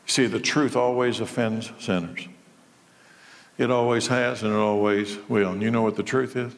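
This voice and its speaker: A man's voice: fairly low pitch, fairly even intonation, normal speed, long reverb tail. A man preaching a sermon to a live church audience, firing off rhetorical questions and building to raised, emphatic passages. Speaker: pastor.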